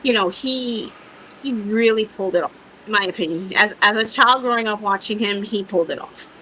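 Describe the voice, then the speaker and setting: A woman's voice: medium pitch, fairly quick, bright, forceful tone, a little hiss or hum, rough recording. A woman in her thirties co-hosting a casual chat, emphatic and insistent, often repeating her points. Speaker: podcast co-host.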